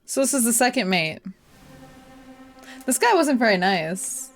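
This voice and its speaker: Slow-talking playful woman streamer. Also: on the high side, sing-song, soft background music. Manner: chatty, self-deprecating, laughs often. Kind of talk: casual live game commentary.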